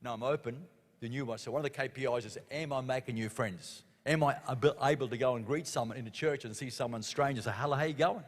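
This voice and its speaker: A man's voice: medium pitch, quick pace. An older man, telling earnest stories on a church panel. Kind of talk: panel discussion. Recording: echoey hall.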